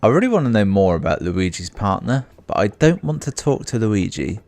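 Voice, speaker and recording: A man's voice: fairly low pitch, sing-song, a little fast, darkish tone. A man giving casual let's play commentary in a dry, self-mocking, rambling way.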